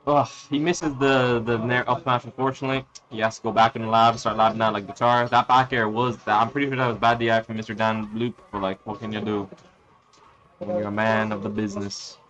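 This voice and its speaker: A man's voice: on the low side, little pitch movement, fairly quick, a bit bright. A young man giving crude, joking, offhand live game commentary. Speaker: esports commentator.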